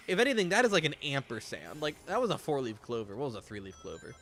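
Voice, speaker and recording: A man's voice: mid-range voice, big pitch swings, fast, fairly bright tone, faint music behind. A young man chatting casually while streaming a game, rambling and swearing freely. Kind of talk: casual gameplay commentary.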